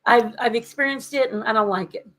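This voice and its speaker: A woman co-hosting a podcast, telling a story in an animated, sarcastic way. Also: fairly high pitch, fairly quick, rough recording. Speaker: podcast co-host. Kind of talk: casual podcast chat.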